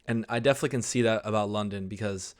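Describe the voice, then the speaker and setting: A man's voice: lowish voice, very fast. A man from the United States commenting casually and with surprise on the video he is watching. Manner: amazed, conversational. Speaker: reaction video host.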